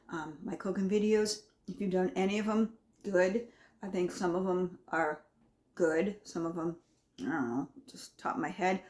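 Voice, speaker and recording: A woman's voice: medium pitch, darkish tone. A woman chatting casually in her home kitchen as she tastes and talks through her own cooking, rambling and folksy.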